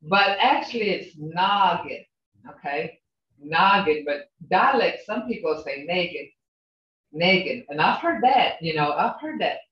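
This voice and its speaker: Heard from a distance through muffled, echoey video call audio, an older woman leads a language lesson. Her lowish voice swings widely in pitch at a moderate pace as she coaches patiently, frequently asking "okay?".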